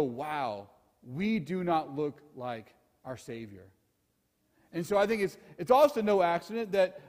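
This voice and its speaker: A man's voice: high-pitched, a little mellow. A male pastor giving an earnest, emphatic sermon and asking rhetorical questions to the congregation. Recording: long hall reverb.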